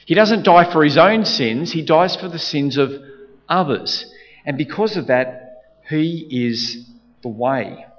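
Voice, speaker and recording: A man's voice: a little high, animated, slow pace. A man preaching a sermon, earnest and repetitive, often restarting his sentences to press a point. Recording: dull reverberant hall sound.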